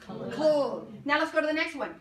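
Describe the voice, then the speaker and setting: A woman teaching a phonics lesson to young children, sounding out words slowly and asking coaxing questions. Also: high voice, animated. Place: classroom. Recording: roomy classroom from far off, faint noise.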